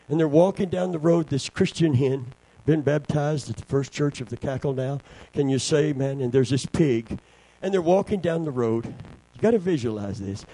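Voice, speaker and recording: Older male preacher, gravelly and slow, dramatic shouts dropping to hushed tones, dry close sound. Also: on the high side, no room sound, poor audio. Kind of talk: sermon.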